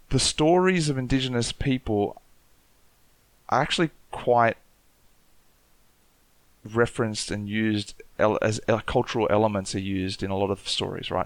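Gravelly Aboriginal Australian man, dry sound. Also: on the low side, no echo. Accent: Aboriginal Australian English. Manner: thoughtful, many restarts and fillers. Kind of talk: casual panel discussion.

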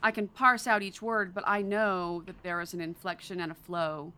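American woman narrator, lowish bright voice, eager and self-mocking in casual chat. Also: level tone, normal speed, a little hiss or hum. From United States. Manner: enthusiastic, playful, self-deprecating. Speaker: audiobook narrator.

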